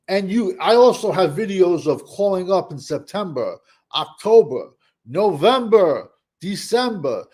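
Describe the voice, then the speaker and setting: Exasperated man ranting, slightly high voice. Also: very animated, measured pace, darkish tone. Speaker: podcast host. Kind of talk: casual chat.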